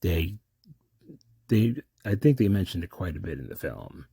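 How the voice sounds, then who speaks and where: Man, comic rambling monologue, stammering restarts, dark voice, dry sound. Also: sits low, animated, moderate pace, husky, dry recording.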